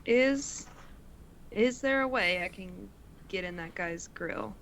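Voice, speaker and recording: A woman playing a character in a tabletop game, stating her attacks and asking quick, direct questions. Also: medium pitch, expressive, a bit bright, a little hiss or hum. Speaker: player. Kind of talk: casual game chat.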